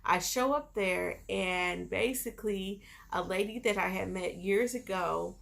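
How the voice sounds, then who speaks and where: A woman's voice: mid-range voice, unhurried, creaky, fairly bright tone. A woman vlogger telling a personal story in a casual, chatty way, full of filler phrases.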